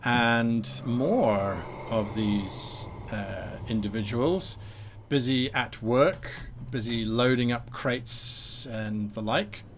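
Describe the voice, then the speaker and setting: A man narrating a tabletop game as game master, describing scenes in a relaxed way with fillers. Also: medium pitch, drawn-out words, a little hiss or hum.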